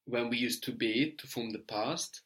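A man teaching a language lesson, explaining patiently step by step and checking understanding with a quick "no?". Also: mid-range voice, fairly bright tone.

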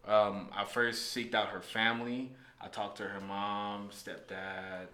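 A man in his twenties, a guest telling a personal story in a relaxed way with lots of fillers. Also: on the low side, takes it slowly. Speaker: interview guest. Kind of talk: casual storytelling. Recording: roomy echo.

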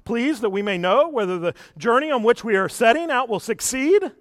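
A man voicing a band of eager, scheming ancient scouts who are retelling their plans, his voice lifted and louder than his plain preaching. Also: extremely high pitch, animated, normal speed, no echo, clean studio sound, voice pushed up.

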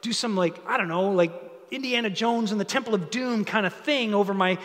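A man's voice: sits high, fairly quick, a bit bright, long reverb tail. A man playing a proud foreign army commander who rants indignantly about being snubbed. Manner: huffy, affronted ranting.

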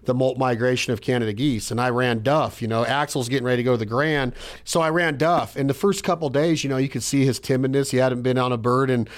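Earnest man hosting a podcast. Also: mid-range voice. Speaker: podcast host. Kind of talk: casual podcast conversation.

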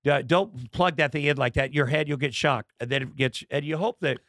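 A middle-aged man, a comedian and podcast guest, in casual chat, telling candid stories with halting fillers and acted-out dialogue. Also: on the high side, fairly bright tone, no room sound.

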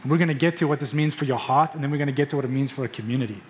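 A man's voice: mid-range voice, racing, slight background noise. A man preaching a passionate, emphatic sermon and speaking directly to his congregation in a church. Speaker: pastor.

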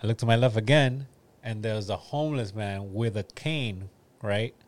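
A man's voice: on the low side, moderate pace. A man, telling a story in loose, profane casual chat.

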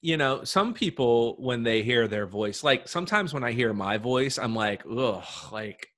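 Bright, chatty male podcast host. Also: mid-range voice, animated, normal speed. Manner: chatty, lots of "like", playful. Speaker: podcast host and casting professional. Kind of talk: casual podcast conversation.

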